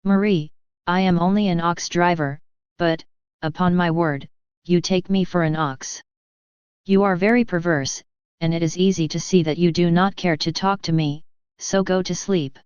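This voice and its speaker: An earnest young ox driver from an old storybook, troubled and pleading, read by a woman. The voice is low and very smooth. The sound is dry and a little muffled. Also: fairly even intonation, moderate pace, darkish tone, dry recording, close to an everyday voice.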